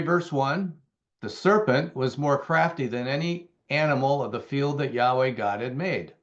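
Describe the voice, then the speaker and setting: A male Bible teacher reads verses and talks through them in a relaxed, conversational way, with occasional fillers and emphatic repeats. His voice sits at a middling pitch for a man. The recording is a little dull and lo-fi. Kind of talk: Bible teaching, reading and explaining scripture.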